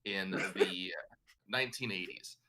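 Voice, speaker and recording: A man guesting on a podcast, pitching an improvised movie plot hesitantly, with many fillers. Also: slow, sharp tone.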